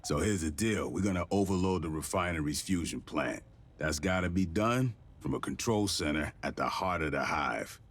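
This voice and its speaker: A man's voice: low voice, expressive, moderate pace, a bit bright, full character voice. An actor playing a blunt, profane military commander briefing his troops. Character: gruff profane man, a tough marine officer.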